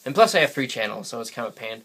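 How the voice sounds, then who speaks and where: This New England, USA vlogger has a bright but husky mid-range voice, expressive and racing along. Alone in front of a camera with the camera mic, he rambles chattily through a casual solo vlog and laughs often.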